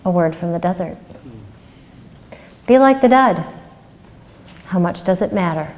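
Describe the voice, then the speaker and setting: A woman's voice: on the low side, lively intonation, measured pace, a little mellow. A woman ethics lecturer giving a public lecture in a conversational way, posing rhetorical questions with occasional "um"s. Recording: long reverb of a lecture hall.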